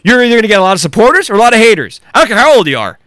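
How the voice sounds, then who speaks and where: A man hosting a podcast, delivering an angry, profanity-laden solo rant with heated shouting outbursts. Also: high-pitched, big pitch swings, very fast, no room sound, studio quality. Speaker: podcast host.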